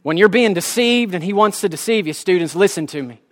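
Pastor, male, 30s, fairly high voice, impassioned and folksy from the pulpit. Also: animated, brisk. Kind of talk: sermon.

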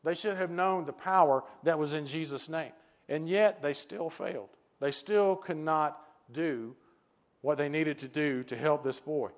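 A man's voice: a little high, unhurried. An older man preaching a sermon with earnest, repetitive phrasing and many rhetorical questions.

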